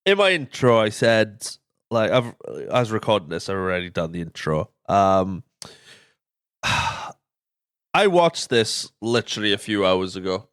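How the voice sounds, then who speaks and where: A man's voice: on the low side, sing-song, measured pace, fairly bright tone, smooth, dry recording, clean studio sound. A young man hosting a casual film podcast, rambling, swearing and stumbling over his words. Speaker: podcast host.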